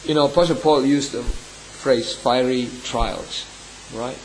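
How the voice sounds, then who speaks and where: A pastor shares a painful experience from his church in an earnest, emotional way. His voice sits at a middle pitch and often climbs sharply when feeling takes over. A faint hiss runs under the recording. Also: steady tone, slow, rough recording. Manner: earnest, emotional storytelling with sudden rises in pitch. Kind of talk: personal testimony in a sermon.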